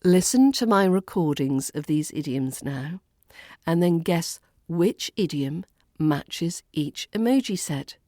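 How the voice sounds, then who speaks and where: British RP woman, accent coach, unhurried delivery, repeats each phrase twice, low-ish voice. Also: expressive, dark tone, no echo, studio quality. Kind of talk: scripted accent lesson.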